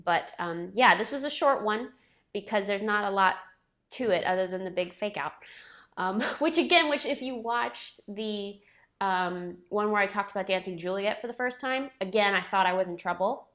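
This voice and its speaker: A woman's voice: medium pitch, moderate pace, a bit bright. A woman in her thirties, a former ballet soloist, telling a story casually, chatty and self-deprecating, acting out what others said.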